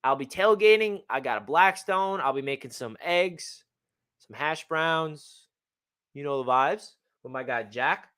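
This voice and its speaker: A man hosts a casual sports fan livestream in an excitable, pumped-up manner. His voice sits high and rings bright and forceful. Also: measured pace, clean tone. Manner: hyped, excitable fan talk.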